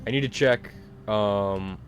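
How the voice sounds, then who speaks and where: A man's voice: on the low side, slow pace, slight background noise. Casual man muttering through a game. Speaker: game streamer. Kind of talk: let's-play commentary.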